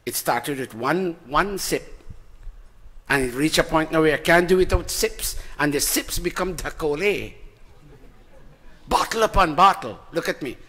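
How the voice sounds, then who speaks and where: A man preaching a sermon, emphatic and animated, swinging from loud to soft. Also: on the high side, a little slow. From Guyana. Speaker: spiritual teacher.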